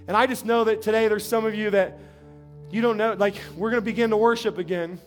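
A man, a pastor from New Mexico, preaching a conversational sermon, often repeating and restarting words and slowing down to an earnest tone. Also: high voice, steady tone, faint music behind.

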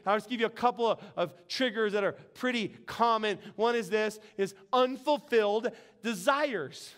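A man's voice: high-pitched, normal speed, a bit bright, clean tone. A middle-aged man, preaching a sermon in an earnest, conversational way and telling stories. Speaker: pastor.

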